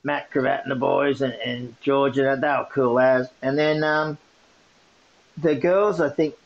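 An Australian man co-hosting a podcast, telling a story in a casual, animated way and laughing often. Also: medium pitch, unhurried, gravelly, highs cut off. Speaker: podcast co-host.

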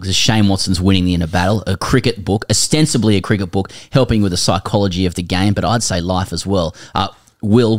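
Joking podcast host, lowish voice. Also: male voice, no room sound, clean studio sound. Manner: joking, rambling with restarts. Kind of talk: casual banter.

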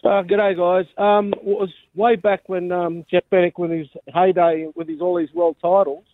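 A man's voice: high-pitched, lively intonation, moderate pace, vocal fry, no room sound. An Australian man calling in to a radio show over the phone, telling a story earnestly with hesitations. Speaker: caller. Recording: phone line.

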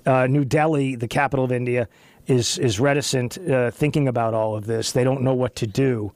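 A man hosting a talk radio show, chatting loosely with a co-host, animated and rambling with frequent restarts. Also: medium pitch, fairly quick, no room sound. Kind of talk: casual talk radio chat. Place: radio studio. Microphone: studio microphone.

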